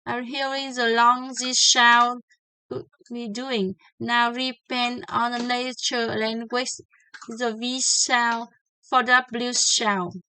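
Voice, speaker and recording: A woman teaching English pronunciation, slowly and deliberately, repeating each example word several times. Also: fairly high pitch, little pitch movement, sharp tone, clean tone, poor audio. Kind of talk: slow pronunciation lesson with drilled example words.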